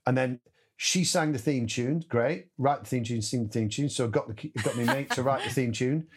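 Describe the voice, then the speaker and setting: A man's voice: mid-range voice, normal speed, husky. A man, a musical director chatting casually as a guest and acting out voices and sounds in his stories. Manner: animated storyteller, acts out voices and sounds. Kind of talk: casual anecdotal chat.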